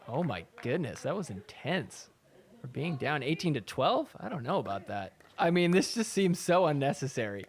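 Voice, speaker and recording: A man's voice: a little high, big pitch swings, normal speed. A man hosting a podcast, casually recapping sports clips with a sarcastic, chatty manner. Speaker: podcast host.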